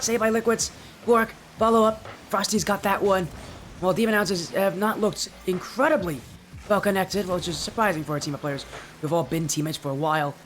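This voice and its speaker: A man casting an esports match live, calling the plays in a quick, flowing play-by-play. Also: high voice, a little hiss or hum. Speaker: esports caster.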